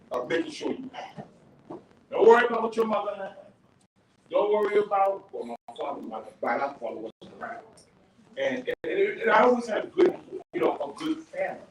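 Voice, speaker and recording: A man in his fifties with a high, very animated voice talks at normal speed on a barbershop panel, pausing often as he rambles through family stories full of restarts and laughter. The casual panel talk is recorded in an echoey, noisy room with a distant mic.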